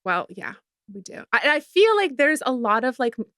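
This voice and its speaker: A woman's voice: high voice, sing-song, a little fast, a bit bright, no echo, clean studio sound. A woman in her thirties from Canada, a film producer and director chatting as a guest and filling her talk with "like" and "um". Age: 30s. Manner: chatty, many fillers like "like" and "um". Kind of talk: casual interview chat.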